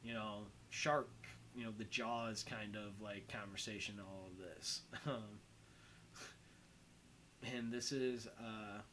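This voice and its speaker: A man's voice: on the low side, steady tone, takes it slowly, pauses often, pushed and bright, slight background noise, poor audio. A young man giving casual movie commentary as host, rambling and full of "um" and "like.". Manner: rambling, heavy on fillers like "um" and "like".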